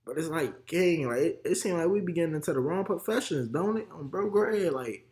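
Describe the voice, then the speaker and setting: A man's voice: on the high side, animated, fairly quick, darkish tone. A young man with a Chicago accent giving heated, slang-heavy reaction commentary. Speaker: reaction video host.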